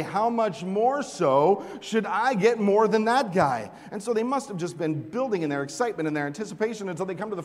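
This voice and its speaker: Preaching man in an echoing hall. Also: fairly high pitch. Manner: animated preaching, swinging from hushed to emphatic. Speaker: pastor. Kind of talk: sermon. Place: large hall with long reverb. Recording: echoey hall recording.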